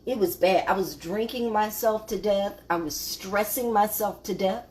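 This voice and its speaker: A woman's voice: mid-range voice, moderate pace, a little mellow. A woman, hosting a casual live cooking stream in her home kitchen, chatting with viewers and trailing off with fillers. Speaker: cooking show host.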